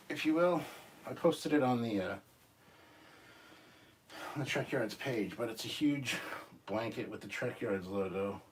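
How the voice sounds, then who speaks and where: A man hosts his own channel, chatting casually in a rambling, jokey style packed with fillers. His voice is medium pitch, with slight background noise.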